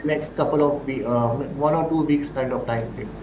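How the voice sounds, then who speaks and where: A man's voice: medium pitch, normal speed, background noise. A man with an Indian English accent giving stock trading advice as a remote guest analyst. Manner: plain advisory, occasional restarts. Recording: distant, roomy, dull remote line.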